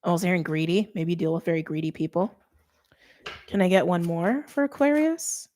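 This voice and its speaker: A woman's voice: on the low side, fairly quick, a little mellow. A middle-aged woman giving a casual tarot reading, chatty and thinking aloud with many fillers. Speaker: tarot reader.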